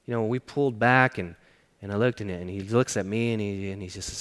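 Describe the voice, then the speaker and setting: Man preaching, earnest storytelling, goes quiet a lot, big hall echo. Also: fairly low pitch, fairly even intonation, quick pace. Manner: earnest personal storytelling, often dropping to a hushed voice. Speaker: pastor. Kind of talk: sermon. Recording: long reverb of a large hall.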